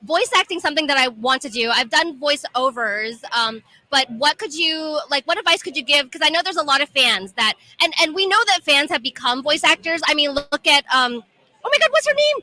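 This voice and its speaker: A woman's voice: high voice, a little fast, hardly any pauses, sharp tone, rough recording. A woman hosting a live interview show at a gaming expo, chatty and enthusiastic, often rambling as she asks her questions. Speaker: host. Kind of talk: casual interview chat.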